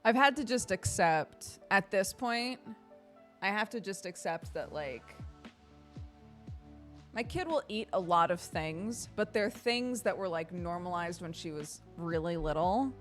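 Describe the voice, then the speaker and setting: A female streamer chats casually with her viewers, animatedly telling stories full of laughter and fillers. Her voice is fairly low and a little slow, with faint music in the background.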